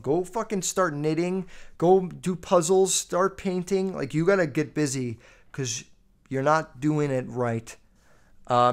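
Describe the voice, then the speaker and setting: Blunt, profane young man ranting. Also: a little high. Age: 20s. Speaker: podcast host. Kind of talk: casual rant.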